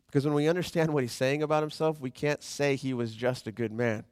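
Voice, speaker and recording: A man's voice: medium pitch, steady tone, brisk, a little mellow, no echo. A man preaching a sermon in a plain, conversational tone with a mid-range voice. He acts out quoted voices as he goes. The sound is close and dry. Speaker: pastor.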